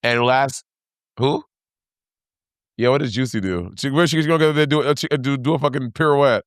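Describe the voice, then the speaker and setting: A man co-hosting a casual recap chat, acting out scenes in squeaky put-on voices. His voice is smooth and clear, mid-pitched, with a dry close sound. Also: moderate pace, dry recording. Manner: animated, laughs, acts out scenes in squeaky voices. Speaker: podcast co-host.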